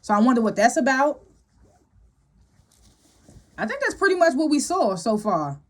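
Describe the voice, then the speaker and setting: A woman casually recapping a TV episode as a show reviewer, chatty and animated and laughing often. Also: high-pitched, normal speed.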